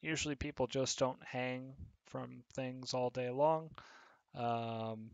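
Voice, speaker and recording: A man teaching an English lesson to children, explaining patiently step by step with pauses and fillers. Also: medium pitch, fairly even intonation, creaky, no echo, dull audio. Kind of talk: recorded online English lesson.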